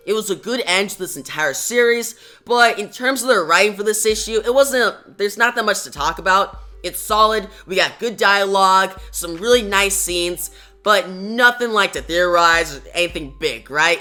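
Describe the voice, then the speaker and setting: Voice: mid-range voice, pushed and bright. A reviewer casually retelling a comic book's plot scene by scene, then giving a verdict. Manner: retells scenes line by line with "now, he says".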